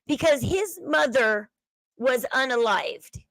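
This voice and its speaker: A woman's voice: fairly high pitch, normal speed, gravelly, a bit bright, no echo, rough recording. A woman with a Southern accent, livestream host chatting casually to her viewers, with a chatty valley-girl way of talking.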